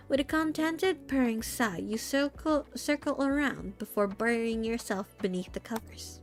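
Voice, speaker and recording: A young woman gently reading a second-person story as a VTuber storyteller, soft and slightly halting. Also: on the high side. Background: soft background music.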